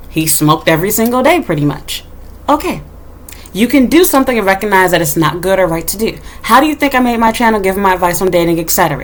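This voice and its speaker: Casting: woman vlogger, blunt and profane, ranting straight to camera. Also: mid-range voice. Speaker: YouTuber. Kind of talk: casual rant to camera. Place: home in Japan.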